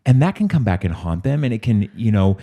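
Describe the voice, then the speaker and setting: A man's voice: on the low side, very animated, fairly quick, warm tone. A man hosting a recovery podcast who tells candid personal stories and acts out the voices in his quotes. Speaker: podcast host. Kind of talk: interview conversation.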